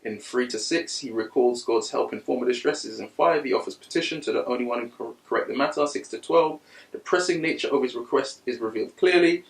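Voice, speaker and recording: A man's voice: a little fast, distant mic. Man preaching a sermon in an echoey room. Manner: swings from quiet reading to loud, high-pitched preaching bursts. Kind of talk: sermon with scripture reading.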